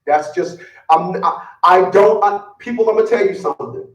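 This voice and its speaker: A man's voice: high-pitched, moderate pace, reverberant, far from the mic, muffled recording. A man giving blunt, boastful relationship advice in a casual, profane rant, often repeating words as he gets worked up. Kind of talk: casual ranting monologue.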